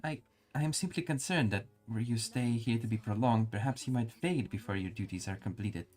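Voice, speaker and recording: A man voicing a fussy, nervous noblewoman mother with a high, fluttery delivery. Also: brisk, a little mellow, soft background music, close to an everyday voice.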